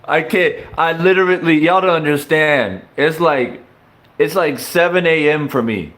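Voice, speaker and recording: A man's voice: on the high side, unhurried, a bit bright. A young man casually reacting to a boxing clip for his viewers, cursing, laughing and calling them bro in disbelief. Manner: laughing, incredulous, profane, addresses viewers as bro. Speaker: boxing commentator.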